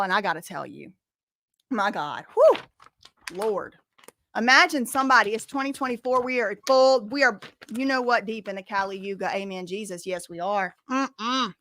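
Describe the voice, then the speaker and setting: A woman hosting a casual livestream commentary, reading out chat messages and reacting loudly, repeating phrases and exclaiming with disgust. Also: mid-range voice, dry recording.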